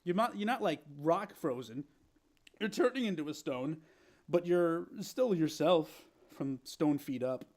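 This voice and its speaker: A man narrating as guest game master of a tabletop game, animated and laughing, with halting restarts. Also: fairly high pitch.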